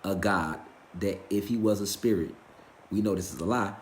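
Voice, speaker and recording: A man's voice: deep voice, moderate pace, reverberant, a little hiss or hum. Profane, emphatic man lecturing a live class. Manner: profane, emphatic, fires rhetorical questions and answers them. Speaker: spiritual lecturer. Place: lecture room with a live audience.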